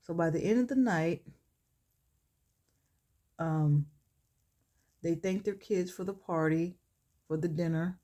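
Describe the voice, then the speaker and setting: A woman vlogger reading her own short story aloud in a relaxed way while doing her makeup, chuckling and stopping to comment on it. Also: on the low side, slow, pauses often. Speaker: vlogger and author.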